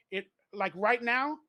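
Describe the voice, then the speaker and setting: A man's voice: very high voice, pushed and bright. A man livestreaming to his viewers, talking earnestly with a slight lisp.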